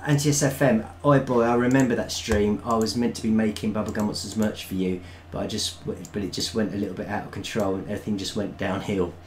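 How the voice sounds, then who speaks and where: A man's voice: fairly low pitch, fairly even intonation, fast talker, hardly any pauses, a little hiss or hum. A man co-hosting a live stream, reading out viewer comments in a casual, hesitant way with many ums. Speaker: co-host reading chat.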